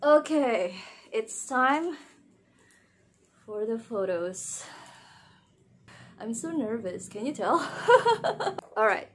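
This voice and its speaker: Young female vlogger, high lively voice, unhurried, giggly and expressive, casual unboxing chat. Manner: expressive, giggly, squeals in excitement. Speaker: vlogger unboxing wrestling merchandise.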